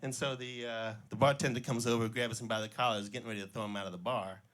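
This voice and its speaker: A middle-aged man from the Cincinnati area doing his first stand-up set, telling joke stories in a relaxed way with small slips and restarts. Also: medium pitch, fast talker. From Cincinnati area, Ohio. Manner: relaxed storytelling, slips and restarts, voices jokes' characters lightly. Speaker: stand-up comedian, schoolteacher. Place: small club stage before a live audience.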